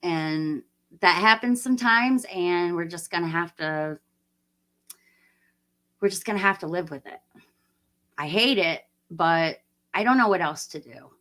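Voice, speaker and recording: Chatty bright-voiced woman in her forties. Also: on the low side. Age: 40s. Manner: chatty, rambling, laughs often. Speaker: livestream host. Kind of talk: casual livestream chat reading viewer comments.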